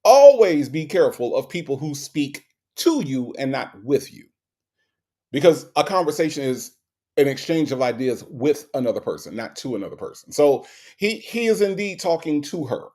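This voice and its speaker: A man's voice: a little high, very animated, moderate pace, mellow. A man hosting a casual commentary, talking bluntly and profanely and picking apart the words of a radio call. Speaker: host reacting to a radio clip.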